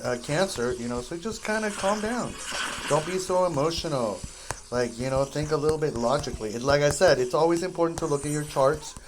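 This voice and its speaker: Rambling man chatting over gameplay, noisy. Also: mid-range voice. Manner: meandering, self-interrupting, talks to viewers. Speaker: gaming streamer. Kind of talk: rambling casual commentary while playing.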